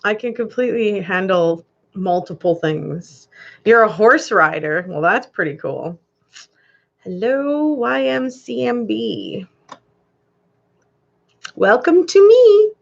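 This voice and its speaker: A woman's voice: mid-range voice, very animated, slow, gravelly, pauses often, lo-fi sound. A woman hosting a live stream, chatting casually with viewers and reading their comments, giggling often. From Canada.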